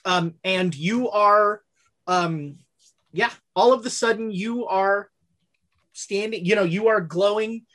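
A woman's voice: mid-range voice, slow, fairly bright tone. A woman narrating as game master of a tabletop game, rambling with fillers and corrections.

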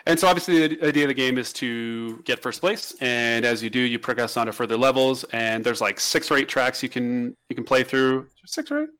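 A man's voice: mid-range voice, fairly even intonation, fairly quick, few pauses, a bit bright, clear, resonant tone. A man co-hosting a casual podcast, talking at length in a rambling way with many restarts. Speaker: podcast co-host. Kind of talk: casual chat.

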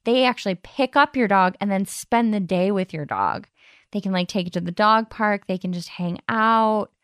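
A woman from the American Midwest chats easygoingly as a podcast co-host. She talks in a relaxed way, heavy on slang and fillers. The recording is dry and close. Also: mid-range voice, normal speed, clean tone, no echo. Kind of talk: casual chat.

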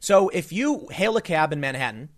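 A man's voice: fairly high pitch, big pitch swings, normal speed. A man giving an emphatic, indignant opinion monologue, telling stories with frequent restarts. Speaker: political commentator.

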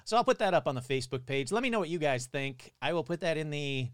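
Male podcast host, hoarse from allergies, chatty and reactive, lively pitch, dry sound. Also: fast, no echo. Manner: chatty, reacts aloud while watching clips. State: hoarse, voice cutting in and out. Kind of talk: casual podcast chat.

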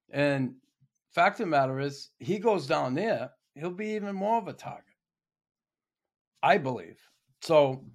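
Middle-aged male hockey commentator, casual monologue, salty and folksy, average pitch. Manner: blunt, folksy, swears freely.

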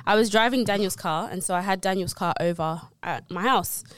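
A woman's voice: mid-range voice, fairly quick, no echo. A woman, a podcast co-host telling a funny story in casual chat, laughing as she goes. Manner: animated, laughs while telling stories.

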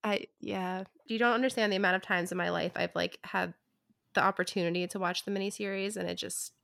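Wry woman with a gravelly voice. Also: medium pitch, fairly quick, no echo, clean studio sound. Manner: wry, deadpan asides. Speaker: podcast co-host. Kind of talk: casual book chat.

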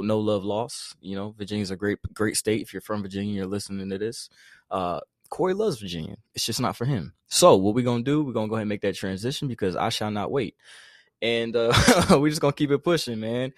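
A man's voice: fairly low pitch, dry recording, studio quality. A young man from the Carolinas co-hosting a podcast in casual, slangy chat, often laughing. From North Carolina. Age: young adult. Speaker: podcast co-host.

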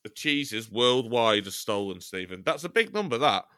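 A man's voice: medium pitch, sing-song, normal speed, bright, forceful tone, smooth, no echo, studio quality. A man from Chester, a podcast co-host, rambling through casual jokey banter and swearing now and then. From Chester, England.

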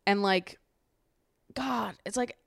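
A woman hosting a casual podcast, recapping a reality show in an animated, exasperated way with frequent swearing. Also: mid-range voice, takes it slowly, vocal fry, no room sound, clean studio sound. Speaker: podcast host.

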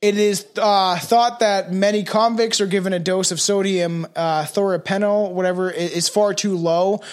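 A Canadian man with a notably high voice hosts a podcast in loose, rambling talk. He swears freely, cracks dark jokes and reads out facts between tangents. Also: fairly even intonation, moderate pace, clean tone. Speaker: podcast host. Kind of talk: casual podcast chat, reading notes.

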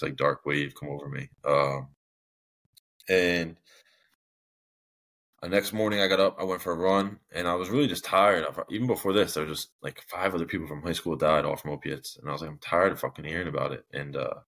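A man's voice: extremely low pitch, a bit bright. A young man speaking as a podcast guest, telling his story in a casual, rambling way with many fillers and restarts. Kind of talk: candid personal storytelling.

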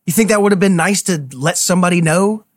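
A man hosting a comedy show, complaining in quick, exasperated, cursing banter. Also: high voice. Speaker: podcast host.

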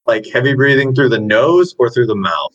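A tabletop game player with deadpan, stubborn jokes. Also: mid-range voice, moderate pace, highs cut off.

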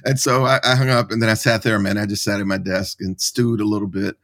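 Low-voiced man telling a story. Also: fast talker. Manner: animated storyteller, acts out quoted voices. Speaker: author and professor, podcast guest. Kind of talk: storytelling interview answer.

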